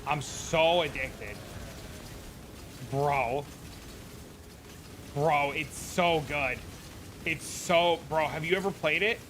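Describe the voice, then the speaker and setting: Young man, gaming streamer, excitable, swears a lot, somewhat high voice. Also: takes it slowly, pauses often, a little hiss or hum. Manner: profane, excitable, talks to his cats. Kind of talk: casual livestream chat.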